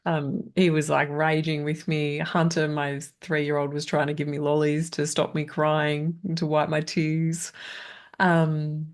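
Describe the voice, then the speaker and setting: A woman's voice: low-pitched, monotone, measured pace. A woman, teaching a casual coaching masterclass in a chatty way, often checking in with "right?". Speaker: trauma coach.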